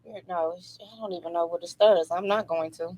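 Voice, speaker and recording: A woman's voice: lowish voice, fairly even intonation, fairly quick, background noise. A woman in her thirties or forties chatting as a podcast co-host, bubbly and laughing easily. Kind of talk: casual podcast chat.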